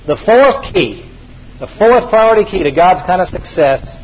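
High-voiced preacher, emphatic and repetitive. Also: male voice, expressive, moderate pace. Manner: emphatic, repeats key phrases. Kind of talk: sermon. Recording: dull recording with faint background hiss.

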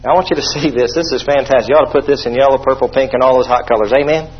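A man's voice: medium pitch, fairly even intonation, rapid-fire, highs cut off, a little hiss or hum. A man preaching a sermon with emphatic delivery, leading the congregation in call-and-response and sprinkling in hallelujahs and amens.

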